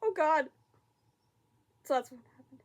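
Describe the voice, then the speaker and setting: A woman hosting a casual reaction vlog, excitable and giggly, often repeating herself in quick bursts. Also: sits high. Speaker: reaction video host.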